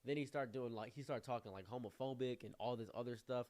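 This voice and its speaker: A man's voice: mid-range voice, fast, darkish tone. Rambling young man telling a story. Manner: rambling, filler-heavy, conversational. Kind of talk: casual storytime.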